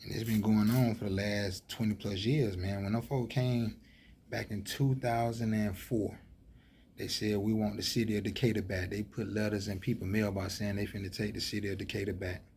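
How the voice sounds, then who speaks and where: A man's voice: on the low side, little pitch movement, normal speed, a little mellow, slight background noise. A man with an Atlanta Southern accent talking in a rambling, heated monologue full of fillers. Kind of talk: casual street talk monologue.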